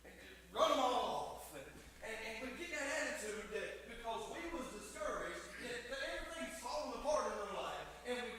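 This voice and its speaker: A man's voice: very high voice, animated, a little fast, few pauses, bright, forceful tone, slight background noise. A middle-aged man preaching a folksy, emphatic sermon in a church, his volume swelling and dropping. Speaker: pastor. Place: church sanctuary. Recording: echoey hall, mic from far off.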